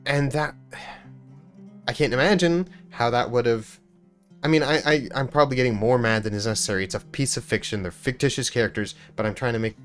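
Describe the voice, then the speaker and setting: A man and gaming YouTuber in an angry, sweary rant about a game, repeating himself, then quietly apologizing to his viewers. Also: mid-range voice.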